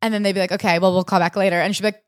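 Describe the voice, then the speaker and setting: A woman's voice: mid-range voice, very fast, no echo, studio quality. A woman co-hosting a casual chat, retelling a memoir with jokes and acted-out quotes. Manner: animated, jokey, acts out quotes. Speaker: podcast co-host.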